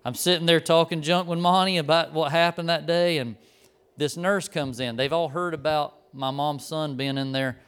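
Middle-aged male preacher, animated storyteller with a smooth, fairly high voice. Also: normal speed. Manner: animated storyteller, acts out the people in his story. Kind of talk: storytelling sermon.

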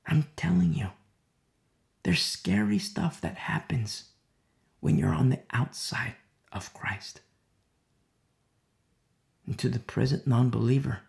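A man preaching a verse-by-verse sermon, repeating phrases with urgent appeals and dropping to soft whispers at times. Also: on the high side, creaky. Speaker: preacher teaching a Bible study.

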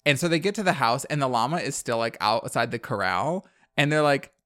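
A young man rambles through a movie recap on a podcast, stacking up "like" and breaking into laughs. His voice sits at an ordinary pitch and sounds close and dry. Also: lively intonation, brisk, fairly bright tone, no echo. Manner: rambling, filler-heavy, laughing often. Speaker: podcast co-host. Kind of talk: casual chat recapping a movie.

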